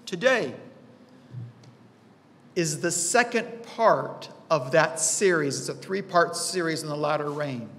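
A man preaches a sermon in a high, bright voice and a slow, measured pace. He tells stories and lifts his pitch to act out the voices in them. The recording carries a long reverb from the church auditorium. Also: expressive. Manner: storytelling, acts out quoted voices with rising pitch. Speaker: pastor.

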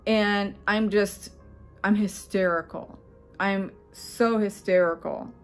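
A woman's voice: medium pitch, steady tone, slow, faint music behind. A middle-aged woman vlogger telling a personal story in a casual, earnest, rambling way, with many fillers and restarts.

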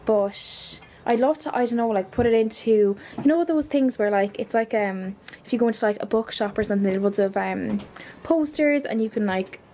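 Gushing, excitable young Irish woman. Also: a little high, moderate pace, a little hiss or hum. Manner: gushing, excitable, chatty with many fillers. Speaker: vlogger. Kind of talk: casual vlog chat.

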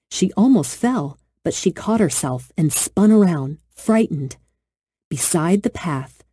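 A woman narrating a children's storybook with gentle, expressive storytelling. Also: low voice, breathy edge, no echo.

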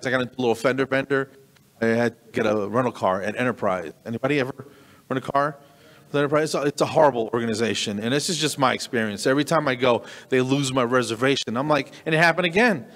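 A man in his fifties doing a stand-up comedy set, deadpan and self-deprecating, with halting starts and restarts. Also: mid-range voice, long reverb tail. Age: 50s.

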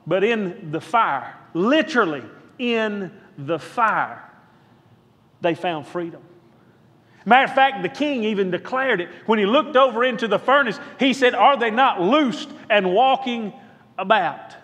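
A man's voice: high voice, lively intonation, unhurried, a bit bright, long reverb tail. A man who is a pastor, preaching a sermon with rhythmic repetition and calling out to the congregation for a response. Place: church sanctuary.

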